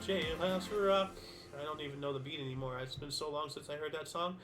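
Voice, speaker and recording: Hosting a casual history stream, a man reads dates aloud, then muses to himself in loose, rambling asides. His voice is a little high and flat, the pace quick, with faint background music.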